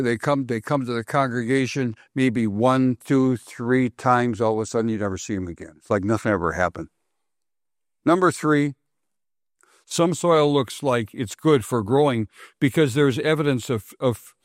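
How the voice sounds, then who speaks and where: A man's voice: medium pitch, normal speed, no room sound. Man preaching a plain, dry-sounding sermon. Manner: repeats phrases for emphasis, asks the congregation questions. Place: congregation hall.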